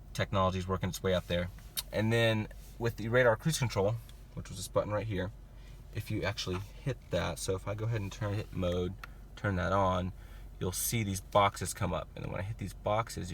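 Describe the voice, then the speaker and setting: Deep-voiced young man touring a car. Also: slight background noise. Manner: relaxed, chatty, many fillers like "like" and "you know". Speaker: car reviewer. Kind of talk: casual product walkthrough. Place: inside a car.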